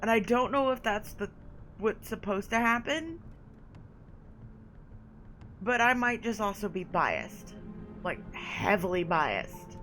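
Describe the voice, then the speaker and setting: A woman streamer, giving casual, profane, excitable commentary during a game playthrough. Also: medium pitch, takes it slowly, pauses often, faint music behind, rough recording.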